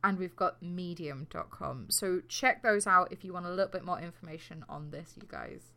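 A woman's voice: lowish voice, moderate pace, sharp tone. A woman co-hosting a podcast, telling a true crime story in a casual, sweary, jokey way. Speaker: podcast co-host.

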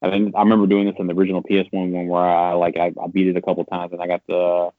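A man rambling in casual gaming chat, swearing often and getting animated when he vents. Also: sits low, racing, no room sound. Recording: tinny phone-like dry sound.

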